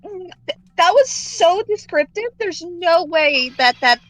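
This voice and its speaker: A woman's voice: very high-pitched, expressive, unhurried, a bit bright, low-quality recording. A woman joining a game stream, reacting with teasing banter in casual chat. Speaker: stream guest.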